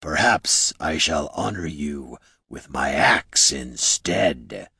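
A man voicing a huge, pompous male orc chieftain who speaks slowly in a low rumble. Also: lively intonation, gravelly, pushed and bright, breathy edge, no room sound, studio quality, exaggerated voice.

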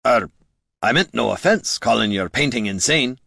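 A man voicing a blunt, gruff middle-aged male adventurer who mutters. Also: medium pitch, lively intonation, moderate pace, pushed and bright, no echo, clean studio sound, heavily acted.

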